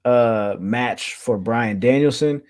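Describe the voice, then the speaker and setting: A man hosting a podcast in casual chat, talking in a relaxed, halting way with fillers. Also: medium pitch. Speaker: podcast host.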